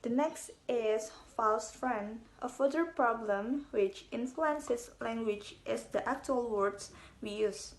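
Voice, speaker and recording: A young woman reads her part of a class presentation with slow, deliberate pacing. Her voice is pitched a little high. Each word comes out carefully, the way a student reads a prepared script.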